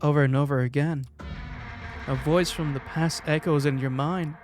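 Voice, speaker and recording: A man's voice: on the high side, steady tone, normal speed, soft background music. A man casually reading a visual novel's narration aloud, breaking off for jokes, laughs and stumbles over words.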